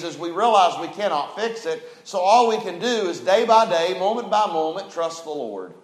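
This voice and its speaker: Preacher in an echoing church. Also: male voice, high-pitched. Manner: folksy storytelling, rising to fervent preaching. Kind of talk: sermon. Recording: roomy echoing hall.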